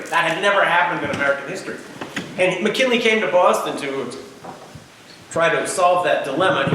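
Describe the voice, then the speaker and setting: A man's voice: high-pitched, a bit bright. Man lecturing in a very echoey hall. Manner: dry wry humor, frequent "uh" pauses. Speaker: author giving a book talk. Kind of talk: public lecture with read-aloud quotes. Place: church meeting house, live audience. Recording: very echoey hall, distant mic, faint noise.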